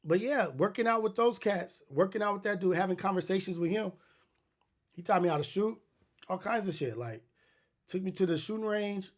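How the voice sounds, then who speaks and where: A man's voice: sits high, animated, moderate pace. A middle-aged man hosting a podcast, telling stories in a loose, profane, rambling way with many restarts. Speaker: podcast host. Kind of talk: casual storytelling monologue.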